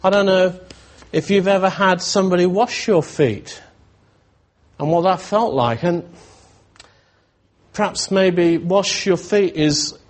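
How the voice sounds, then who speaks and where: A man preaching a sermon in a reflective, searching way, often pausing and restarting his thoughts. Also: sits high.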